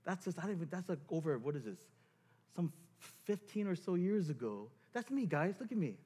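A man preaching a sermon as pastor, animated and self-mocking as he acts out scenes from his story. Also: high-pitched, a little fast, slightly rough, in a large hall.

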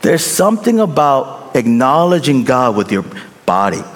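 Lively preaching man in an echoing hall. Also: medium pitch, moderate pace, slight background noise. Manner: animated, emphatic, repeats phrases for effect. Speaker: pastor. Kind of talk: sermon. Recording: long reverb in large hall.

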